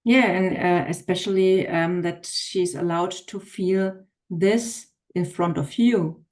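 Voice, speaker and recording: A woman's voice: lowish voice, slow, darkish tone. A woman podcast host sharing a personal story in a thoughtful, hesitant way with many fillers. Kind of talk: casual interview talk.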